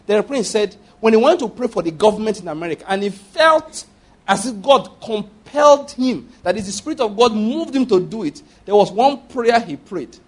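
A man preaching a sermon as a pastor, animated, repeating phrases and acting out prayers and dialogue. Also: sits high, moderate pace. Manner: repeats phrases and asks the audience for agreement.

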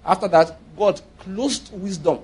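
A man's voice: high-pitched, unhurried, darkish tone, slightly rough. A man preaching a sermon, emphatic and often asking his listeners rhetorical questions.

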